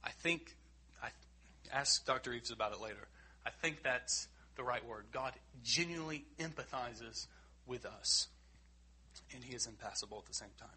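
A man preaching a sermon in an earnest, emphatic way, rising loud and dropping quiet. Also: medium pitch, normal speed, slightly rough.

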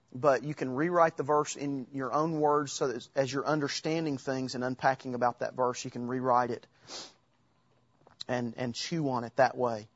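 A man gives an informal church teaching, quoting verses from memory and pausing often to restart his sentences. His voice is husky and sits at an ordinary pitch. The recording is dry and a little dull, as if on modest equipment. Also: dry recording. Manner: halting, restarts while quoting Scripture from memory. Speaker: Bible teacher.

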